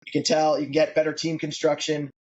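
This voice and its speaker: A man's voice: on the high side, monotone, fast, darkish tone, lo-fi sound. A man in his late forties, a founder being interviewed on a podcast, talking conversationally with many fillers. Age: 40s. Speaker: guest founder.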